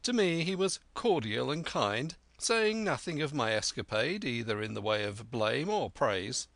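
A man narrating a classic adventure novel in a steady, clear reading voice. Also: medium pitch, a little slow, no echo. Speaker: audiobook narrator. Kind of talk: scripted narration.

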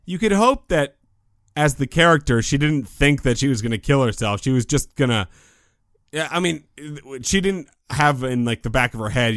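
A man's voice: medium pitch, expressive, moderate pace, a bit bright, dry recording, studio quality. A man co-hosting a podcast, chatting casually about a film and acting out quotes with quips. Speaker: podcast co-host. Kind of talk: casual movie review chat.

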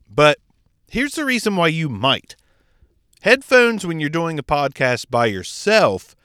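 A man's voice: a little high, a bit bright, smooth, no room sound. A man giving a casual, opinionated tutorial on podcast gear, speaking close into a microphone. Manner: opinionated, chatty, enthusiastic. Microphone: speaking into a close dynamic microphone.

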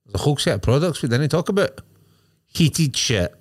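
A man chiming in on a casual chat with quick quips and short replies. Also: on the high side, very animated, no room sound, studio quality. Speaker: podcast co-host.

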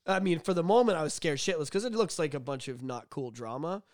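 A young man co-hosts a casual podcast, telling his own stories and cutting in with sarcastic jokes. His voice sits a little high for a man. The sound is dry and close. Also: fast talker, dry recording. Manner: joking, sarcastic interjections. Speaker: podcast co-host. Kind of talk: casual chat.

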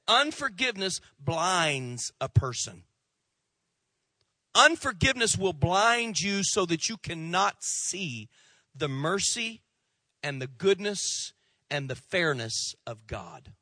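A male pastor preaching a sermon to his church, impassioned at first, then soft and pleading as he calls people forward. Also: high voice, very animated, takes it slowly, no room sound, studio quality. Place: church sanctuary.

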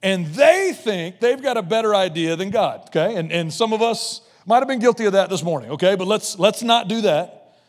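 A middle-aged man preaching an energetic, playful sermon as a guest preacher in a church, joking and slipping into quick voices. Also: high-pitched. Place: church sanctuary. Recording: long hall reverb.

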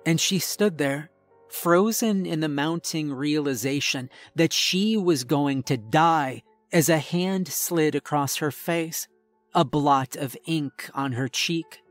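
A man narrating a first-person horror story in a dramatic, tense storytelling manner. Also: fairly high pitch.

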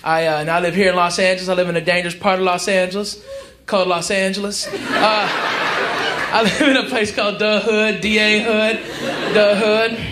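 A man's voice: sits high, level tone, moderate pace, noisy background. A man from Houston, Texas, doing a brash, profane stand-up comedy set on a comedy club stage, telling stories and working the crowd through a handheld stage mic. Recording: echoey club with crowd laughter.

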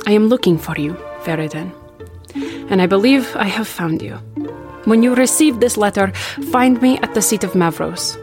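A woman's voice: mid-range voice, close to an everyday voice. A woman voicing a secretive young woman who is unsure of her vampire family, speaking earnestly with formal wording in a tabletop role-play.

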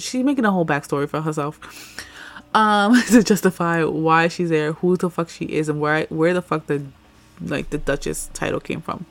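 A woman's voice: low-pitched, fairly quick, vocal fry. A woman podcast host casually retelling a comic's story in a chatty, slangy, profane way, full of "like". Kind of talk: casual plot recap.

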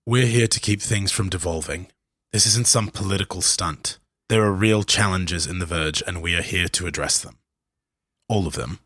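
A man's voice: sits low, moderate pace, fairly bright tone, no room sound, clean studio sound. A man voicing a determined envoy bent on keeping the peace in a tabletop game, earnest and insistent.

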